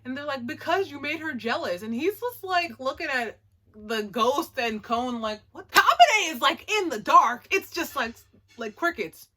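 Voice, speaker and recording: A woman casually recapping an anime episode, chatty and animated, with lots of "like" and laughing asides. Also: high voice, measured pace. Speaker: anime reviewer.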